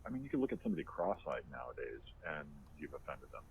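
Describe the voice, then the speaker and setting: A man's voice: very deep voice, wildly swooping pitch, fast talker, gravelly, a little mellow, slightly rough. A man co-hosting a podcast in casual, opinionated chat, rambling with lots of fillers and restarts, heard over a tinny phone-like line. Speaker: podcast co-host.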